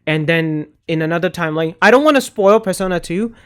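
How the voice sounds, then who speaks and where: A young man giving casual opinion commentary on games, rambling and animated, often cutting himself off mid-sentence. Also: a little high, brisk, clean tone. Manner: rambling, animated, self-interrupting. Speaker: gaming video creator.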